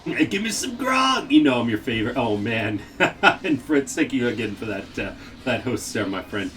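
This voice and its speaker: Sitting far from his microphone, a man speaks at normal speed and medium pitch while running a live gaming stream. He keeps things casual, reads out messages from viewers, and frequently laughs and exclaims excitedly.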